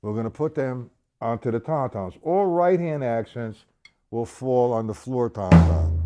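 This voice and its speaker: A man runs a live drum lesson, talking slowly and deliberately between patterns. He calls out counts loudly over his own playing. Heavy snare drumming fills the background. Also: medium pitch, animated, over loud music. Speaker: drum teacher.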